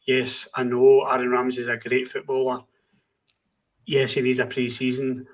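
Blunt man, flat delivery. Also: medium pitch, normal speed. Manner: opinionated, blunt, rhetorical questions. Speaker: podcast co-host. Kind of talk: casual football opinion chat.

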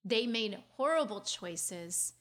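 A woman's voice: medium pitch, lively intonation. Earnest woman telling her story. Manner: earnest, quick and confiding, with restarts. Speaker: speaker sharing a personal story. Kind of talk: heartfelt personal storytelling.

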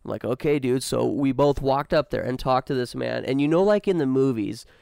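A man hosting a podcast, telling a story in a relaxed, slangy casual chat. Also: medium pitch, fairly quick, vocal fry, clean tone, no echo, clean studio sound. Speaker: podcast host.

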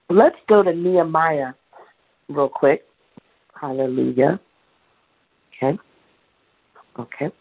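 A woman preaching a sermon in a conversational, animated way, laughing now and then. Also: fairly low pitch, breathy edge. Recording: tinny phone-like sound.

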